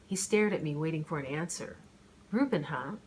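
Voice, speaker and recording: A woman reading a first-person romance audiobook in a measured, expressive storytelling manner. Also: deep voice, a little hiss or hum, rough recording. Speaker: audiobook narrator.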